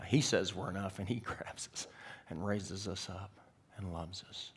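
Man preaching, loud then whispering. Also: on the low side, steady tone, moderate pace, a little hiss or hum. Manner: swings from loud emphatic preaching to hushed whispers. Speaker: pastor. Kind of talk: sermon.

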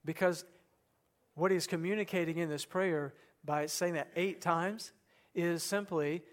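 High-voiced preaching man. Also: fairly even intonation, unhurried. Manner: earnest preaching, drops soft and low on quoted prayers; asks the congregation rhetorical questions. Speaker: pastor. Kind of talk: sermon.

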